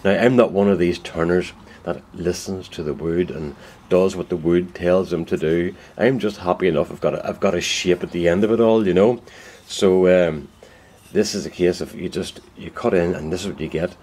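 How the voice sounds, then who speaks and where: A deep-voiced man talks casually in his woodworking shed. He rambles in a folksy, easygoing way and often corrects himself mid-sentence. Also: normal speed, darkish tone, breathy edge. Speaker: woodturner. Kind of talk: casual workshop vlog.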